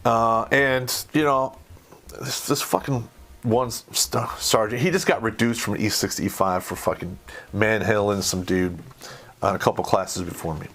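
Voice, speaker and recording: A middle-aged podcast host tells a rough, profane story from his army days, his voice on the low side and a little slow. He's blunt and swears freely, growing animated when he acts out scenes.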